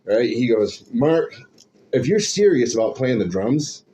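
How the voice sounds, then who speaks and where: A middle-aged man telling stories from his life in a casual interview, animated and laughing often, acting out the voices of people he quotes. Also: mid-range voice, a little slow. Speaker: musician guest. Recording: slightly dull, faint hum.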